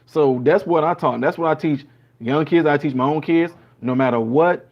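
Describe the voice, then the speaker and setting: Male host, animated storyteller, dull lo-fi recording. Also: on the high side, moderate pace. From Chicago. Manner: animated storytelling, acting out quoted people. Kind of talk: casual monologue.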